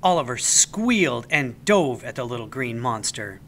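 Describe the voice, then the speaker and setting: A man reading a children's story aloud as the storyteller, with an expressive, animated delivery. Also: medium pitch, moderate pace, a little hiss or hum.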